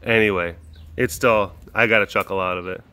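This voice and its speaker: A man's voice: fairly low pitch, steady tone, fairly quick, pushed and bright, slight background noise. A man hosting a podcast, telling a story in casual chat, rambling with many restarts and chuckling often. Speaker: podcast host.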